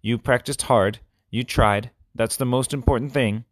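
A man voicing a kind, patient male band leader in a children's story, speaking gently and encouragingly. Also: medium pitch, a little slow, no room sound, clean studio sound, pitched above the performer's own voice, natural voice.

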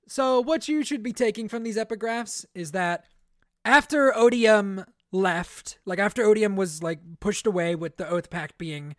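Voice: medium pitch, a little slow, dry recording, studio quality. A podcast co-host chatting casually about a book and reading chapters aloud.

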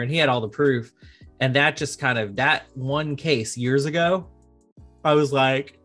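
A man's voice: medium pitch, normal speed, faint music behind. A man in his thirties, an insurance attorney, talking casually in a podcast interview and acting out dialogue as he tells stories. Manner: animated storyteller, acts out quoted dialogue.

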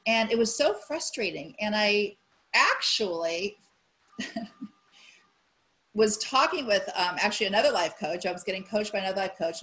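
A woman's voice: medium pitch, fairly bright tone, rough recording. A woman on a podcast talking frankly and animatedly, swearing casually and acting out her own inner voice. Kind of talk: casual chat.

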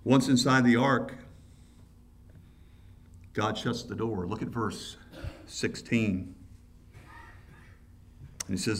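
A pastor delivering a sermon, addressing the congregation directly with urgent rhetorical questions and building to loud, fervent passages. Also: male voice, on the low side, slow pace, pauses often. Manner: impassioned preaching that swells loud and urgent.

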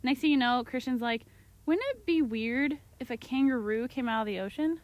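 Young woman, high voice, lively storyteller, casual podcast chat, plays out what others said. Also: normal speed, no room sound, highs cut off. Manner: animated storytelling, acts out quotes in a high voice. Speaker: podcast co-host.

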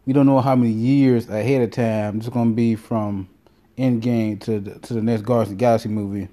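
A man's voice: lowish voice, fairly even intonation, brisk, mellow. A man telling a casual, rambling story full of swearing and self-corrections. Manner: rambling, profane, self-interrupting. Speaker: vlogger.

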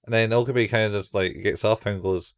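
Low-voiced laid-back man. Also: steady tone, a little fast, no echo, studio quality. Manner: laid-back, swears casually, acts out characters' lines. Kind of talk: casual chat recapping a show.

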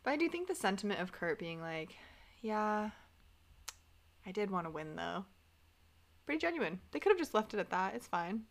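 Young woman, sarcastic, animated, casual podcast recap, acts out quotes. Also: medium pitch, normal speed, long pauses. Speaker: podcast co-host.

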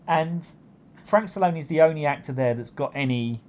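A man's voice: on the high side, normal speed, darkish tone, a little hiss or hum. A man riffing in a casual comedic chat, rambling with lots of fillers and amused laughs.

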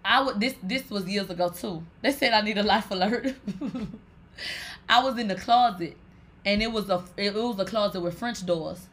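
A woman's voice: mid-range voice, moderate pace. A woman hosting a live stream, telling stories to viewers in a loose, rambling way, swearing constantly and calling her audience "bitch". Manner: animated, profane, swears and calls listeners "bitch" often; rambling, with many fillers like "like". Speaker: livestream host. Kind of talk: casual storytelling to viewers.

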